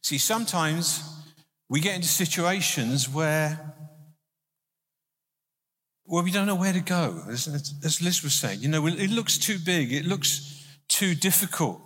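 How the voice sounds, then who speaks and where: A man's voice: fairly high pitch, expressive, unhurried, long pauses, a bit bright. A male minister giving an informal, conversational sermon, often restarting his sentences. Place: church hall. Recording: hall reverb.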